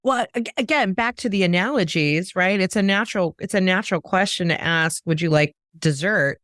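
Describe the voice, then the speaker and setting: A woman's voice: on the low side, normal speed, fairly bright tone, no room sound. Enthusiastic woman host, dry close sound. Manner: enthusiastic, builds on the guest's analogies. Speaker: podcast host. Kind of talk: casual interview chat.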